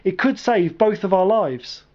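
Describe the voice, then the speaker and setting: An earnest, insistent male ghost, put on by a man narrating a story, pitched noticeably higher than the narrator's plain voice. He speaks firmly and urgently, the sound muffled and lo-fi. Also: lively intonation, a little slow, darkish tone. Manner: earnest and firm.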